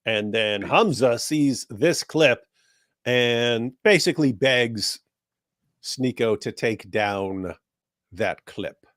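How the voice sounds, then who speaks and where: A man co-hosting a casual chat show, blunt and combative in the way he talks. His voice is mid-pitched, and the sound is dry and close, with no room echo. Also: expressive, takes it slowly, a bit bright. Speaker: co-host.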